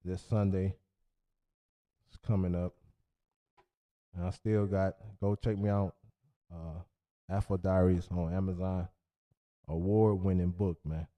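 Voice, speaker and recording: Male podcast host, loose slangy sign-off, lively and animated. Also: sits low, a little slow, long pauses, muffled recording. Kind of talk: casual sign-off monologue. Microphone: podcast mic.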